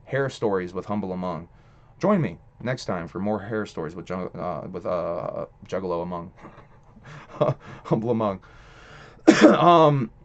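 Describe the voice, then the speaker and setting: A young man hosting a live stream, rambling casually with lots of cursing and loose restarts. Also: mid-range voice. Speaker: streamer host. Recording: dull lo-fi stream audio.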